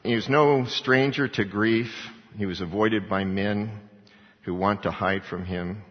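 Husky male preacher in a reverberant hall. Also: lowish voice, steady tone, a little slow. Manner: rhetorical questions to congregation. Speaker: pastor. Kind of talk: sermon with scripture reading. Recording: dull lo-fi recording in a reverberant hall.

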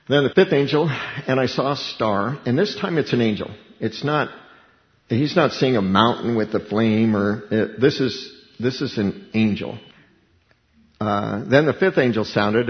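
Male pastor, animated conversational sermon, chuckling, long hall reverb, dull lo-fi sound. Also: mid-range voice.

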